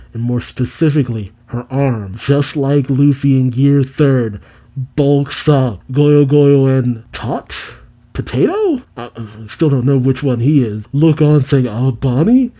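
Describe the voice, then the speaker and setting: Dark-voiced man reacting to a manga. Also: medium pitch. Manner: narrates scenes, then reacts with exclamations and laughs. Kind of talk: casual commentary and reading aloud.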